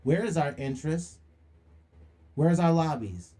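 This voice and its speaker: Mellow-voiced man preaching on a livestream. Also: fairly high pitch, normal speed. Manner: preachy, rhetorical questions, slangy call-outs. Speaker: livestream host. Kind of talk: livestream monologue.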